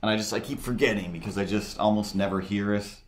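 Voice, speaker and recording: Low-voiced man rambling casually. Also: steady tone, fast, a little hiss or hum. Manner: rambling, full of fillers and restarts. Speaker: livestream host. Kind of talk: casual rambling chat while drawing live.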